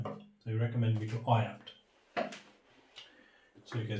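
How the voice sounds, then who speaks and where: A man's voice: lowish voice, completely flat delivery, moderate pace, pauses often, warm tone, lo-fi sound, slight background noise. A young British man telling his personal story in an interview, reflective and candid, acting out the dialogue he remembers in quoted voices. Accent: British English. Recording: echoey room, voice from a distance.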